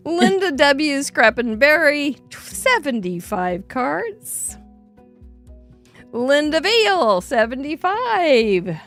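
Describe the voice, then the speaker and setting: A woman's voice: high voice, very animated, extremely slow, a bit bright, soft background music. A woman hosting a live craft show, cheerfully reading out names and card counts, laughing often. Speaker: host.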